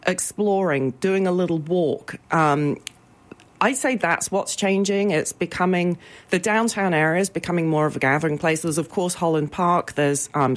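Chatty woman promoting local business events. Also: fairly low pitch. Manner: chatty, many ums, upbeat promotional. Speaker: business improvement association representative. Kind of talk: radio interview guest.

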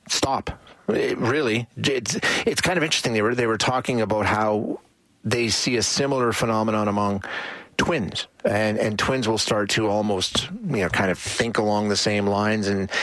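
A man's voice: lowish voice, fairly bright tone, dry recording. A man hosting a talk radio show, chatting casually with frequent restarts and fillers.

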